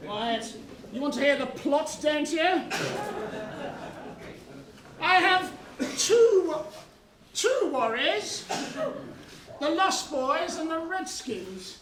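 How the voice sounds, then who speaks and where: A woman's voice: high voice, sing-song, drawn-out words, pauses often, crowd noise, full character voice. A woman playing a boastful, villainous male pirate captain in an amateur pantomime, gloating and theatrical. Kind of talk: amateur pantomime stage acting. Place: village hall stage. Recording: echoey hall from far off, audience.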